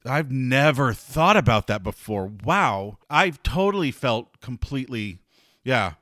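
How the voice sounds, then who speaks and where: A man's voice: mid-range voice, big pitch swings, a little slow, a bit bright, no room sound, clean studio sound. A man co-hosting a book podcast, chatting frankly and swearing freely. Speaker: podcast co-host. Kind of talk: casual book discussion.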